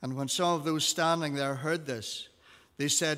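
A man's voice: fairly high pitch, fairly even intonation, normal speed, sharp tone. A man reading scripture aloud to a class, giving the quoted lines expression. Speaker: teacher. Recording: long reverb of a hall.

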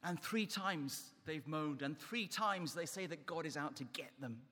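A man's voice: fairly high pitch, unhurried, sharp tone, slightly rough. Emphatic preacher man in a reverberant hall. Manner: emphatic, rising and falling delivery. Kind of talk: sermon.

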